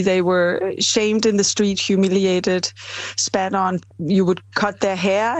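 A middle-aged woman from Denmark, a film director answering interview questions in a thoughtful, measured way. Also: mid-range voice, no echo. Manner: thoughtful, measured, with some fillers.

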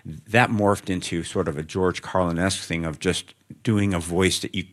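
A man's voice: low-pitched, fairly even intonation, moderate pace. A middle-aged male author talking in a rambling, thoughtful, self-deprecating way during an onstage interview before students. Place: in front of a student audience.

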